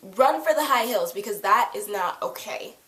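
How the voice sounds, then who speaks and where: Woman, fan reviewer, excitable, gushing, swears, echoey room. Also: mid-range voice, moderate pace. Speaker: TV episode reviewer.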